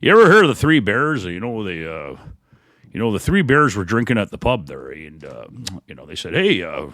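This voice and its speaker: A man's voice: lowish voice, very animated, brisk, gravelly, pushed and bright. A Canadian man co-hosting a live podcast stream, rambling and joking with many fillers. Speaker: podcast co-host.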